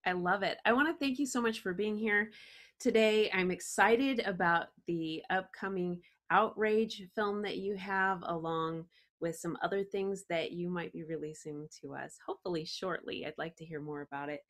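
A woman hosts an interview show, speaking with eager, effusive enthusiasm as she praises and wraps up. Her voice is a little low for a woman. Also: fairly even intonation, moderate pace, fairly bright tone. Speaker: show host. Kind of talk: interview hosting.

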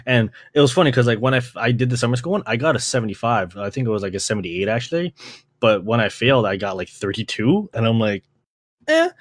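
Young guy hosting a podcast, swears a lot, acts out quotes in a high voice, dry sound. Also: very animated, fast, dry recording. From Canada. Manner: laid-back, swears a lot, acts out quotes with a jump in pitch. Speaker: podcast host. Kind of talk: casual storytelling chat.

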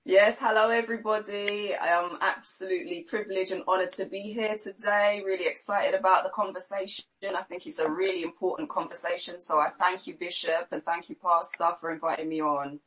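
A woman's voice: lowish voice, steady tone, brisk, hardly any pauses, fairly bright tone, slight background noise, poor audio. A British woman, a teacher and guest, speaking eagerly and formally. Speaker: teacher, ministry founder, guest. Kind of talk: guest on video-call talk.

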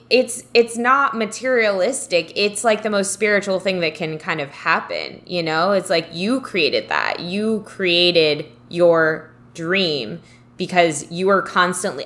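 A woman's voice: on the low side, fairly bright tone. A woman co-hosting a casual podcast, talking about spiritual ideas in an encouraging way and often restarting her sentences. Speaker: podcast co-host.

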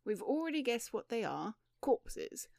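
A woman voicing a breezy, sarcastic gentleman in an audiobook, calm and dry-witted. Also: fairly high pitch, a little slow, creaky, no echo, full character voice. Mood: wry. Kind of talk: audiobook reading.

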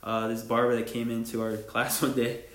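A man's voice: medium pitch, completely flat delivery, moderate pace, fairly bright tone, slight background noise. A young man hosting his own podcast, rambling casually in slang and laughing at himself as he talks about barbering. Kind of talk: casual solo podcast monologue. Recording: echoey room.

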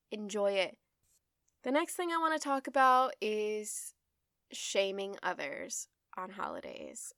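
A woman's voice: medium pitch, a bit bright, dry recording, studio quality. A young woman hosting her own podcast, talking bluntly and emphatically, swearing freely and repeating her points to drive them home. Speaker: podcast host. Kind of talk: solo podcast monologue.

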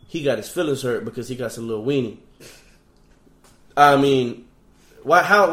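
A man in casual conversation who speaks bluntly and profanely. His voice carries a roomy echo. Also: medium pitch. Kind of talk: casual chat.

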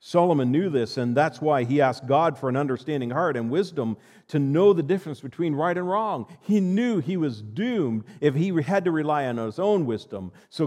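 A man's voice: on the high side, lively intonation, normal speed, hardly any pauses, darkish tone. A male pastor preaching a sermon, reading scripture and emphatically addressing the congregation, in a long church reverb.

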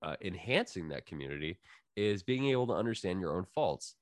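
A man with a very low, deep voice hosts a relaxed podcast chat. He rambles with fillers and restarts, laughing easily along the way. The sound is close and dry. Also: brisk, no room sound. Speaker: podcast host.

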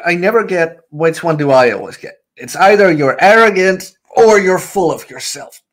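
A man's voice: high-pitched, moderate pace. A man co-hosting a podcast, telling stories in casual chat with sarcastic asides. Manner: animated storyteller, sarcastic asides. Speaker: podcast co-host.

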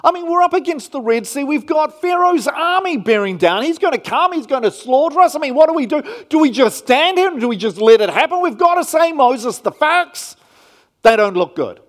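A man's voice: extremely high pitch, big pitch swings, brisk, in a large hall, pitched above the performer's own voice. A man voicing a panicked Israelite facing an army, asking urgent, pleading questions.

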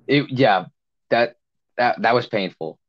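A man's voice: medium pitch, takes it slowly, muffled recording. Rambling young man telling a story. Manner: rambling, with many fillers and restarts. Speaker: podcast co-host. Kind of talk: casual storytelling chat.

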